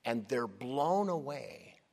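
A man preaching a sermon as pastor, delivering emphatic, deliberate lines with dramatic stresses. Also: medium pitch, very animated, darkish tone, in a large hall.

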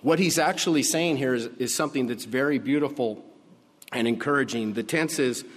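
A man preaching a sermon, slow and emphatic, dropping to a hush on key words, in a church sanctuary. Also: medium pitch. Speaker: pastor. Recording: long hall reverb.

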